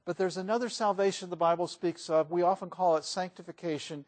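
A man preaching a sermon in a church, folksy and emphatic, rising and falling in loudness for emphasis. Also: high voice, steady tone, a little fast.

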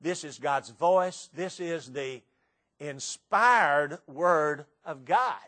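Male preacher, high voice, dramatic sermon, questions the room. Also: lively intonation, drawn-out words. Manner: dramatic recitation with sudden loud and soft swings; rhetorical questions to the congregation.

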